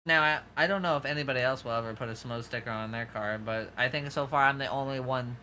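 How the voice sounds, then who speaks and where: Bright-voiced streamer with a New York accent. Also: male voice, medium pitch, fast talker, hardly any pauses. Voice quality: soft feminine-sounding voice. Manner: rambling, profane storytelling to chat. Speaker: VTuber streamer. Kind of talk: casual livestream chat.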